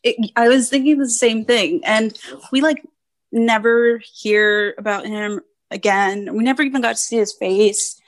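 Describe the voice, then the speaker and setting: A woman's voice: on the high side, steady tone, unhurried, no echo. A woman guest on a podcast chatting casually, agreeing and sometimes stumbling over her words. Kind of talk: casual chat.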